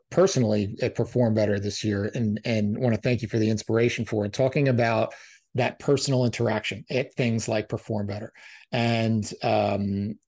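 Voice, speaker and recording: A man's voice: on the low side, a little mellow. A man hosting a podcast, chatting casually in an enthusiastic, grateful, conversational way. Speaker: podcast host.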